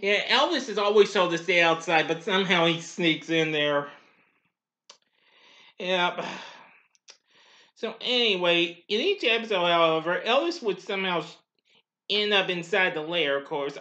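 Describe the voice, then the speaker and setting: A man's voice: high voice, expressive, normal speed, bright, forceful tone, dull audio. A man hosting a casual spoken review of an old cartoon, rambling along with many "well" and "anyway" asides and frequent chuckles.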